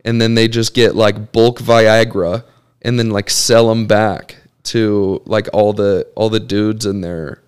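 A man's voice: on the low side, level tone, slow pace, smooth. A young man co-hosting a podcast, rambling through a story in casual chat. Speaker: podcast co-host.

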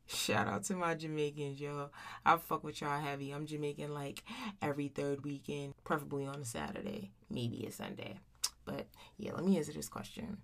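A woman's voice: deep voice, animated, moderate pace, gravelly. A woman in her thirties hosting her own podcast in a casual solo monologue, blunt and profane, full of slang, often tagging lines with "right?". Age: 30s. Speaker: podcast host.

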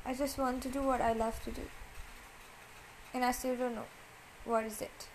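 A woman talking straight to her listeners in a personal, confessional monologue. She speaks softly and haltingly, repeats herself and searches for words. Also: fairly high pitch, flat delivery, a little hiss or hum, rough recording. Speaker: vlogger.

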